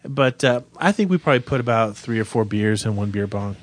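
A man in his fifties co-hosting a podcast, telling a college story in a deadpan, self-mocking way. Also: lowish voice, a little fast, dry recording. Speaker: podcast co-host. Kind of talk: casual storytelling chat.

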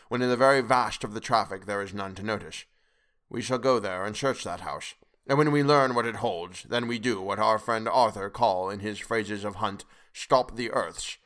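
A man's voice: on the low side, fairly bright tone, close to an everyday voice. A man reading as a patient, wise old professor. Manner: measured, deliberate, lecturing. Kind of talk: audiobook character reading.

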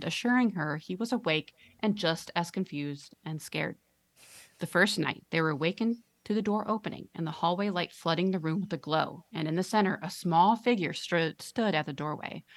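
A woman podcast host reading a listener's horror story aloud with dramatic, drawn-out storytelling on a close mic. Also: lowish voice, dry recording.

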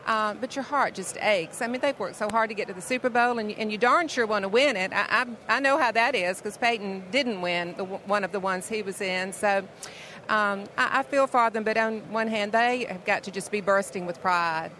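A woman's voice: mid-range voice, normal speed, sharp tone, slight background noise. An older woman, a football player's mother, chatting as a guest in a casual interview on an outdoor event set, gracious and prone to restarts.

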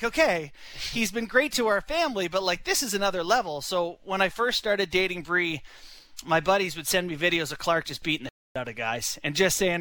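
A man's voice: high voice, sharp tone, no echo, rough recording. A young man telling a long personal story in a rambling, casual way, full of "you know" and "like". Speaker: son-in-law telling a story.

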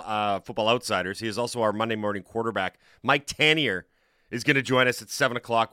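A man hosting a morning sports radio show, running through the day's schedule in a lively way in a studio. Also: mid-range voice, clean tone, no room sound. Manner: lively, rattles off a quick rundown. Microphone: studio mic.

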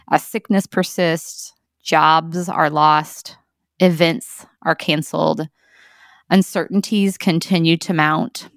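A woman in her forties hosting a daily encouragement talk, speaking gently and earnestly, with easy laughs. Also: low-pitched, no echo, studio quality. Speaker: podcast host.

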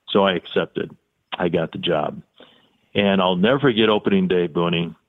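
An older man, a sportscaster, telling stories in an interview and acting out the dialogue. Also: low-pitched. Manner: animated storyteller who acts out quoted dialogue. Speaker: sportscaster, podcast guest. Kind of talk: storytelling in an interview. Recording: phone-line audio.

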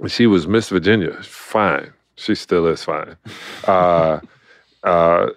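A middle-aged man from Brooklyn, an animated storyteller who acts out quotes and laughs often, talking as a guest in a casual interview. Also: low voice, takes it slowly, no echo, clean studio sound. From Brooklyn, New York. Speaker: guest, former basketball player.

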